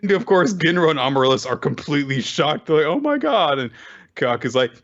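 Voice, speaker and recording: A man's voice: mid-range voice, fast, fairly bright tone. A man recapping a manga chapter in a casual chat and acting out the characters' lines with animation. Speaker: podcast co-host. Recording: dull lo-fi audio.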